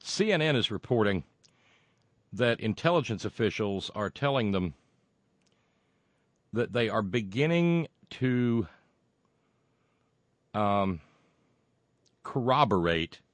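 Rambling deep-voiced podcast host. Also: male voice, dry recording. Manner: rambling, halting, sardonic. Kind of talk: casual solo podcast monologue.

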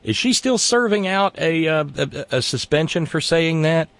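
A man's voice: fairly high pitch, animated, normal speed, a bit bright, no echo. A man hosting a satirical political rant. He is sarcastic and exasperated and stammers as he talks. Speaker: host.

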